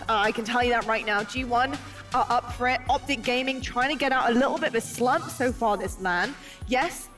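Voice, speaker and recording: A woman with a fairly high voice hosts a live esports broadcast and runs through bracket updates in an upbeat, brisk way. Faint music plays underneath her. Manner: animated, laughing, then brisk bracket rundown. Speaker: esports broadcast desk host.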